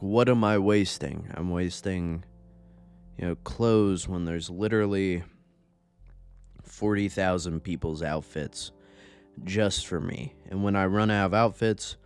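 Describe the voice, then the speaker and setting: A man's voice: low-pitched, a little slow, clear, resonant tone, soft background music. A young man giving casual, rambling gameplay commentary from home, profane and self-mocking. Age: young adult. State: a bit out of breath. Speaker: gaming YouTuber.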